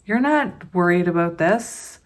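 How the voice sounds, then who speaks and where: A woman chatting casually through a tarot card reading for her viewers, slow and unhurried, with frequent giggles. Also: on the low side, expressive. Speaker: tarot reader.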